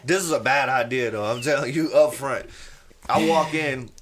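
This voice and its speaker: A man's voice: mid-range voice, moderate pace, a little hiss or hum. A man, telling a long story on a podcast in casual chat and acting out the people in it. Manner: animated storyteller, acts out others' voices. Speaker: podcast co-host.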